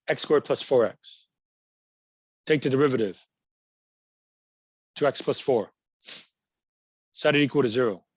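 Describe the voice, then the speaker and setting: A man's voice: mid-range voice, slow pace, pauses often, husky, no room sound, lo-fi sound. Patient male math lecturer, dry sound. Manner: patient, repeats key words, explains with everyday examples. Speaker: math instructor. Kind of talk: recorded class lecture.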